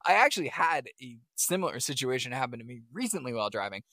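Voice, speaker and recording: A man co-hosting a casual podcast, his voice bright and sharp with a lively swinging pitch. He talks in an animated, sarcastic way and laughs often. The sound is close and dry. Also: quick pace, no echo. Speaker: podcast co-host. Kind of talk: casual chat.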